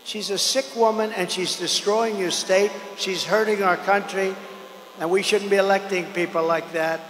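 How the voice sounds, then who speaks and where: An older man giving a campaign rally speech, rambling and repetitive, swinging between loud declarations and low asides. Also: steady tone, normal speed. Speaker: political candidate at a rally. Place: large outdoor or arena rally. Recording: echoey hall with long reverb.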